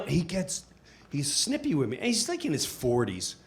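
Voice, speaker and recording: A middle-aged man doing animated stand-up storytelling. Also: sits high, moderate pace. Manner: animated, breaks into character voices. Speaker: stand-up comedian.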